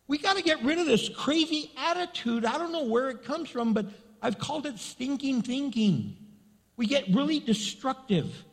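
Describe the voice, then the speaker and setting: A man's high, bright-toned voice preaches, animated and folksy, slipping into the voices of the people he talks about. The sound rings out in a long, echoing church hall reverb. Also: normal speed. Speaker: pastor. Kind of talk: sermon.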